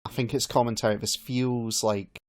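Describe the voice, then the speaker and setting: A man's voice: medium pitch, fairly even intonation, moderate pace. A man co-hosting a casual comedy podcast, teasing the others and laughing often. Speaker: podcast co-host. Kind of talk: casual banter.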